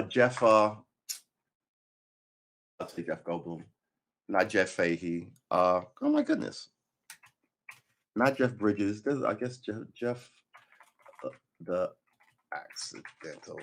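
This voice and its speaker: A man chatting on a live stream, rambling and thinking aloud, gruff and blunt, swearing freely as he talks to himself. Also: fairly low pitch, slow pace, pauses often, fairly bright tone. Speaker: livestreamer practicing guitar.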